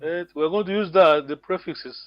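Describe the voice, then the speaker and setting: Teaching a language lesson online, a man with a voice on the high side speaks at a moderate pace. He's patient and repetitive, checking understanding with "yeah?", and the recording is lo-fi without echo.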